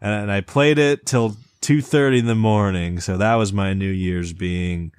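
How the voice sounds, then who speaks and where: Halting, grumbling man on a dry podcast mic. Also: on the low side, fairly even intonation, clear, resonant tone, dry recording. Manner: halting, self-interrupting, complains while reading. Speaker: podcast co-host. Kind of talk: casual podcast banter, reading a transcript aloud.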